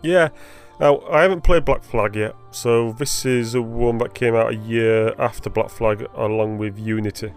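A man's voice: medium pitch, fairly even intonation, moderate pace, hardly any pauses, clear, resonant tone, soft background music. A man chatting casually about video games, rambling and correcting himself as he goes. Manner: rambling, self-correcting, laughs often.

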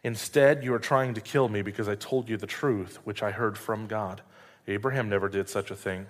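A man reading as Jesus, calm and earnest. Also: on the low side, moderate pace, lightly acted. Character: adult male Jesus, calm earnest teacher. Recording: long reverb hall.

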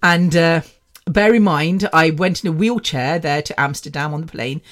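A woman in her fifties hosts a podcast, telling a story in a rambling, chatty style, laughing frequently and dropping the odd swear word. Her voice is low-pitched and her speed normal.

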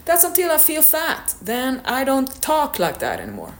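A woman's voice: sits high, huge pitch swings, moderate pace. A woman fitness coach giving a blunt, candid motivational monologue and swearing now and then. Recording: echoey room.

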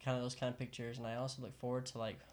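Young male guest, earnest and relaxed, stops and restarts often. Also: medium pitch. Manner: easygoing, earnest, halting restarts. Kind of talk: casual chat.

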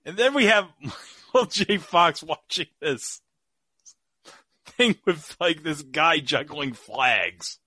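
A man commenting casually on a movie, playful and quick to agree. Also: a little high, lively intonation, bright, forceful tone, no room sound. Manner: playful, chimes in with short agreements. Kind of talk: casual commentary over a film.

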